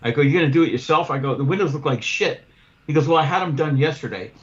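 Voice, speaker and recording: A fast-talking man with a fairly high pitch tells a long story on a casual podcast, with the highs cut off in the recording. He hosts the show and cleans windows for a living, and he curses freely as he acts out both sides of a conversation about losing a cleaning client.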